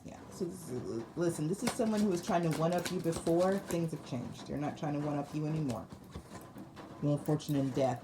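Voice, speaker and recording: Brisk and low-voiced, a woman does a laid-back tarot reading for her audience. She laughs frequently, talks in slang, and says things twice for emphasis, with noticeable noise in the background.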